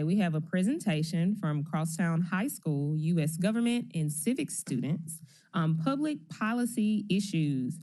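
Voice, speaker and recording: A woman's voice: on the low side, animated, measured pace, dark tone. A woman chairing a city council committee, talking in a casual, friendly way. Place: council chamber.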